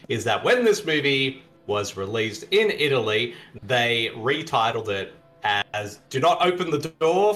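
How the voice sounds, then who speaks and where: A man chatting casually with friends while watching a movie, giving animated, exclamatory commentary. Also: medium pitch. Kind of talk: casual group chat over a movie.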